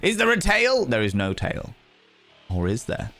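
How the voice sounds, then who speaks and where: A man's voice: mid-range voice, huge pitch swings, unhurried, fairly bright tone. A man chatting casually on a live stream in a flamboyant, theatrical, camp manner, reading out and thanking his chat.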